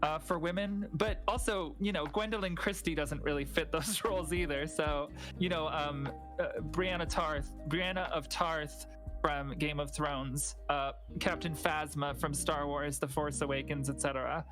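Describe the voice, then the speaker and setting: An older woman, a podcast guest, telling stories in a wry, animated way during casual chat. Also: deep voice, moderate pace, music in the background.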